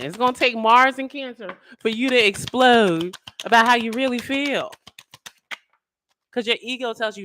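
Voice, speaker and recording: A woman giving a casual tarot reading in an animated way, full of slang, acting out the voices she quotes. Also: on the high side, unhurried, no echo. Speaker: tarot reader.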